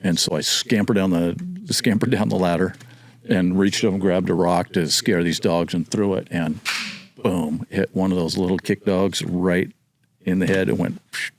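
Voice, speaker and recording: A man's voice: low-pitched, fairly even intonation, moderate pace, no room sound. A man in his sixties, a podcast guest, telling a childhood story in a rambling way and correcting his own memory as he goes. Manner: rambling, self-correcting recollection. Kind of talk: casual storytelling.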